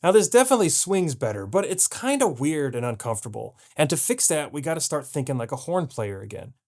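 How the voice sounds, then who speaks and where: A man's voice: fairly high pitch, very animated, fast talker, a little mellow, slight background noise. Man teaching jazz piano patiently. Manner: explains patiently, scats rhythms aloud. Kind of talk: video lesson.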